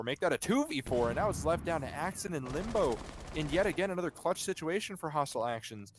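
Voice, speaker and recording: A man's voice: medium pitch, noisy background. A man giving analytical color commentary on a live esports match, breaking down strategy with enthusiasm.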